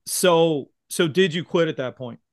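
A man's voice: fairly high pitch, a little slow, dry recording, studio quality. A male podcast host who speaks empathetically and murmurs agreement while his guest talks. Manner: empathetic, frequent soft backchannel murmurs. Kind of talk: conversational interview.

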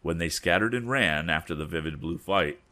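Deep-voiced man reading a story aloud. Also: normal speed. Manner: relaxed, chatty asides with fillers between reading; voices the boys' lines with raised pitch. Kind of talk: casual read-aloud narration with asides.

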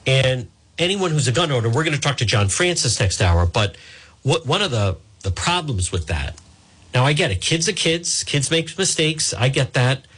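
A man's voice: medium pitch, lively intonation, moderate pace, a bit bright, husky. A male radio host, chatting live on air while fighting hiccups and apologizing with self-mocking humor. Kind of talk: live talk radio, casual.

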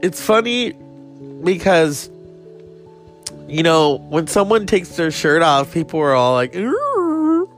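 A man's voice: fairly high pitch, expressive, unhurried, long pauses, soft background music. A man hosting his own show, ranting crudely and rambling in casual comedy style.

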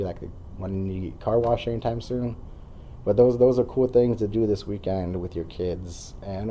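Man in his 30s, radio show guest, rambling earnest speaker, very dark mellow tone, faint hiss. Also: fairly low pitch. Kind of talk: casual conversation.

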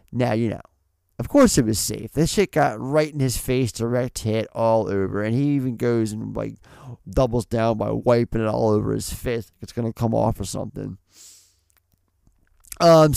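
Low, gravelly man hosting a film podcast. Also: warm tone, dry recording. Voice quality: swears freely, laid-back. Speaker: podcast host. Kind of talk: casual film discussion and read trivia.

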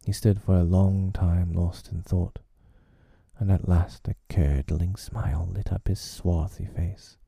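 Slow, dark-toned male narrator for a storybook reading; husky, dry close sound. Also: low-pitched, steady tone, no echo.

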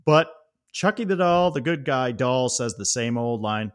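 A man co-hosting a casual podcast, telling a movie scene with lively animation. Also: mid-range voice, a little slow. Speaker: podcast co-host.

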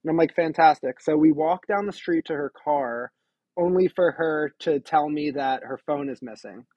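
A man co-hosting a podcast, telling a story in a casual, animated, self-deprecating way. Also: on the high side, normal speed, no echo, highs cut off. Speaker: podcast co-host.

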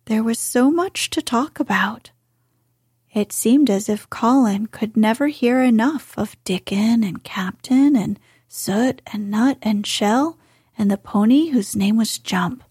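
A woman reading a storybook aloud, in a soft, half-whispered and unhurried delivery. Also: fairly high pitch, slightly rough, no room sound, clean studio sound. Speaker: audiobook narrator.

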